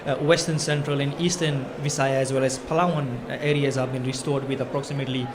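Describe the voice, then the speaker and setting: A man from Fiji answering as a panelist at a conference, speaking quickly and eagerly with many fillers. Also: medium pitch, little pitch movement, a crowd in the background. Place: conference pavilion.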